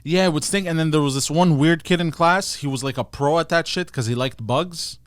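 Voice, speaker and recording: A man's voice: fairly high pitch, a little fast, dry recording. A man chatting on a casual comedy podcast, telling loose, profane stories. The recording is dry and close, and his voice is slightly raised. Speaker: podcast co-host.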